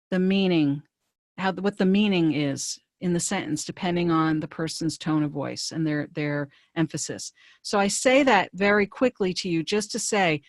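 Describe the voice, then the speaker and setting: A woman career coach presenting a webinar in a conversational, brisk way, with frequent fillers and restarts. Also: medium pitch, no room sound, studio quality.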